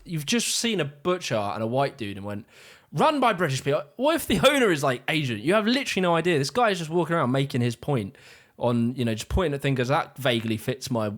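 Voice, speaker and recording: A YouTube reaction commentator rants about a video he's watching, sarcastic, exasperated, and swearing freely. His voice is fairly high, with big pitch swings and a fast delivery.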